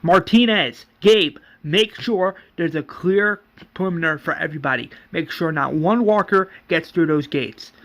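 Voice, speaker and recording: A man's voice: a little high, a little slow, a bit bright. A man voicing a commanding male town leader who gives curt, bossy orders.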